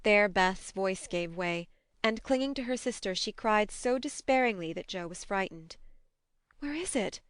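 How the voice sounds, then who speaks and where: Brief: audiobook narrator, woman, measured and expressive, resonant tone. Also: mid-range voice, clean tone. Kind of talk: scripted narration.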